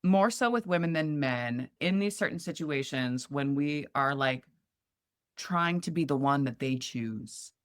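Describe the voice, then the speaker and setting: A woman's voice: deep voice, a little slow, clean tone, no echo, clean studio sound. A middle-aged woman from Montana, a podcast guest telling a story in casual chat and acting out the voices of the people in it. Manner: animated, acts out quoted voices.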